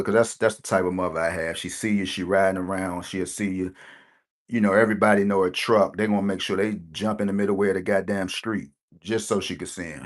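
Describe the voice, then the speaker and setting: A man's voice: deep voice, fairly even intonation, brisk. A middle-aged man, telling a personal story in a rambling way and often checking in with "right?". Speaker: lottery channel host. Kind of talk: casual personal storytelling to viewers.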